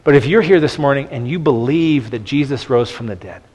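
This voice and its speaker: Male pastor, mid-pitched voice, earnest conversational preaching, long church reverb. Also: fairly quick, a little mellow, breathy edge. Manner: earnest, conversational with frequent restarts and "okay". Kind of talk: sermon.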